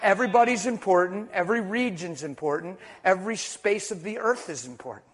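A middle-aged man preaching a sermon, telling stories with hushed asides and loud bursts of emphasis. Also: high voice, a little fast. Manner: storytelling, animated, swings between hushed asides and loud emphasis. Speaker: traveling preacher.

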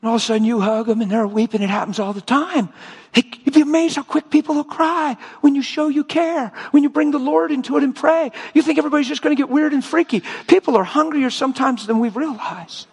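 Older man, preacher, high voice, acts out dialogue in stories, hall reverb. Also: quick pace. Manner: animated storytelling, acting out dialogue. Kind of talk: sermon.

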